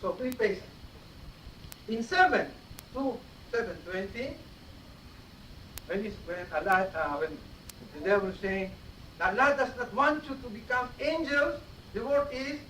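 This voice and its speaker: A man delivers a teaching sermon in a mosque hall, pausing to check that his listeners follow. He sounds far from the microphone, in a reverberant room, captured on an old 1980s cassette with a light hiss. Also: very high-pitched, lively intonation, bright, forceful tone. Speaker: preacher giving a Friday sermon. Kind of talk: explanatory sermon. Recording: roomy, distant 1980s cassette tape with faint hiss.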